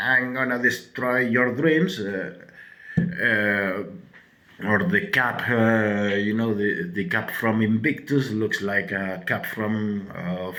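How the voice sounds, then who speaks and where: A man with a cold gives a laid-back perfume review, swearing often and stopping on "uh" between thoughts. His voice sits very low and moves slowly. The room adds a noticeable echo. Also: a bit bright. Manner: halting, full of filler words and swearing. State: sick with a cold. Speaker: fragrance reviewer. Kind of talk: casual product review.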